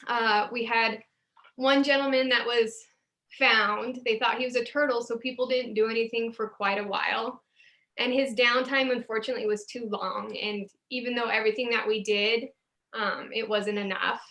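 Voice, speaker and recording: A woman's voice: on the high side, steady tone, moderate pace, bright, forceful tone. A woman paramedic supervisor telling earnest stories from her work during an online CPR class over a video call. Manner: earnest, emotional, with restarts. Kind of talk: Zoom class sharing stories.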